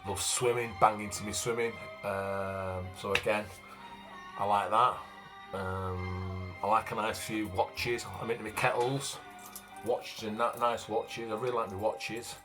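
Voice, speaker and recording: A man's voice: lowish voice, little pitch movement, measured pace. A man in his fifties from Manchester with a broad Manchester accent, talking about himself in a blunt, plain-spoken casual monologue full of fillers. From Manchester, England. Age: 50s. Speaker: vlogger and author. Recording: faint background music.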